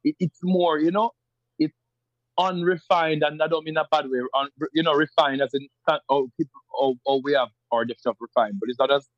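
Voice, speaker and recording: A man's voice: a little high, steady tone, fairly quick, no echo. A man from rural Jamaica with a Jamaican accent, a podcast guest talking casually and animatedly, often repeating himself as he explains. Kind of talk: casual interview chat. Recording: dull lo-fi sound.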